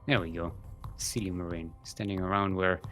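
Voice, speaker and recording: A man's voice: low-pitched, fairly even intonation, moderate pace, over music. A man casting a live strategy-game match, chatty and joking, reading out viewer chat as he goes. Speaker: esports caster.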